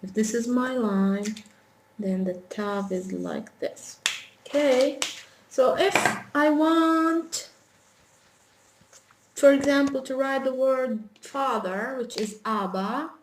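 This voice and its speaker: A woman with an Arabic accent teaching letters slowly and patiently, talking as she writes and correcting small slips. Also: high-pitched, steady tone. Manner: patient, talks while writing, small self-corrections. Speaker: language teacher. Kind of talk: slow whiteboard alphabet lesson. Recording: echoey room with faint noise.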